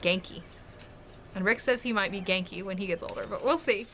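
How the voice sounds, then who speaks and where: Bright, chatty woman vlogger. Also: medium pitch, fairly quick, slight background noise. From Washington DC and Maryland area. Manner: chatty, laughing often, rambling anecdotes. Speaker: family vlogger. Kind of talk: casual chat to camera.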